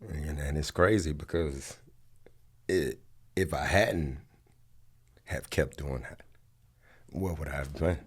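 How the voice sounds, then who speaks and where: A man in his forties from Atlanta speaks in a very low, deep voice. He tells his story loosely and candidly in a casual interview, emotional and close to tears. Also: slow pace, pauses often, slightly rough. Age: 40s. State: tearful, emotional. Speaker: interview guest, actor.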